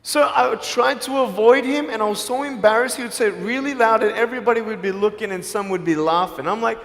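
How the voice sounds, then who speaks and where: A man giving a motivational speech to a live audience, telling his story in an animated way, acting out the people in it and mixing playful jokes with earnest appeals. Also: high-pitched, fairly quick, gravelly, big-room sound. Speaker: motivational speaker.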